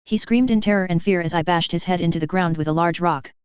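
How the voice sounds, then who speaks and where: Woman narrator, steady storybook read, smooth low voice, muffled lo-fi sound. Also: fast talker, no room sound. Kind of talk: fan fiction audiobook reading. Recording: dull dry lo-fi audio.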